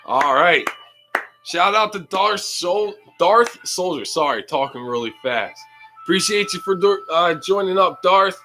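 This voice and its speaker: A young man hosting a livestream, casually reacting to a live football game, reading chat aloud and yelling at big plays. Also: high-pitched, lively intonation, measured pace, music in the background, poor audio. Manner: casual, slangy. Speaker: livestream host.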